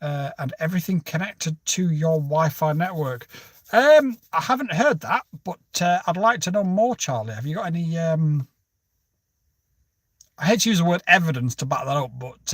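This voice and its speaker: A man hosting a live stream, chatting casually, reading viewer comments and telling wry stories that burst into animated outbursts. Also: on the high side, normal speed, no room sound, studio quality, recorded from a distance. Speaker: livestream host. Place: home studio.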